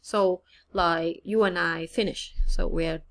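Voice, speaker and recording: A woman teaching a casual online language lesson, chatty and relaxed, mixing English and with frequent fillers. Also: fairly low pitch, slow pace. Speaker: Cantonese teacher.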